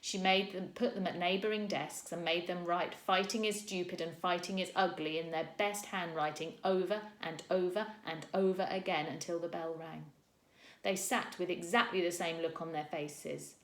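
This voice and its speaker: A woman teacher reading a children's chapter book aloud, expressive and acting out the characters. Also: lowish voice, normal speed. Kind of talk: storybook read-aloud. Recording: echoey room.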